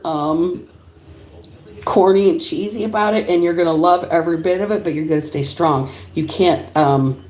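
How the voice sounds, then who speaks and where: A woman giving a casual livestream tarot reading, chatty and animated, laughing often and swearing casually. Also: on the low side. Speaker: tarot reader. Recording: roomy echo.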